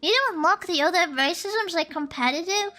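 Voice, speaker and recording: A woman's voice: extremely high pitch, moderate pace, bright, forceful tone. A woman chatting on a stream in a teasing, joking way, laughing often. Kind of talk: casual stream chat. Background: faint lo-fi music.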